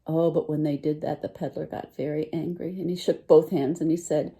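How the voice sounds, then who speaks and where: A woman teacher reading a picture book aloud to children, animated and full of questions for her listeners. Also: low-pitched, brisk, few pauses. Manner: animated, asks listeners questions, lively voice swings.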